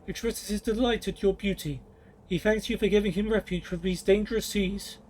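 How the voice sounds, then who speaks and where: A man voicing a formal, slightly halting royal translator who boasts of his languages. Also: high-pitched, steady tone, a little mellow, slight background noise, close to an everyday voice, low-quality recording.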